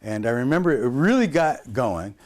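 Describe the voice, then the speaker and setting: A man's voice: medium pitch, sing-song, normal speed. A man in his sixties from the United States, telling a rambling story as an interview guest, with frequent hesitations and restarts.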